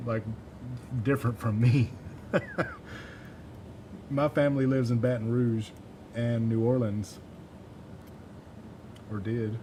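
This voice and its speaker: A man with a soft Southern US accent talks in a loose, rambling way as he works on a livestream. He chuckles at himself often. His voice sits at an ordinary middle pitch, with a faint hum of room noise behind him. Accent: Southern US, mild Mississippi. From Mississippi, USA. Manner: rambling, chuckling, self-deprecating. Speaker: livestreamer building a synth module. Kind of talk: casual livestream chat while soldering.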